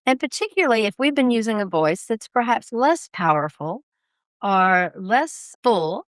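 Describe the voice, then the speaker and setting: A woman voice coach speaking in a podcast interview, with an expressive, emphatic teaching delivery. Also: on the high side, no echo. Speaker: voice coach guest.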